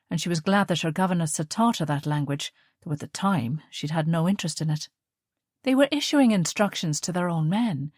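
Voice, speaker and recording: Audiobook narrator: a woman with a lower voice, steady measured reading, dry close sound. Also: dry recording.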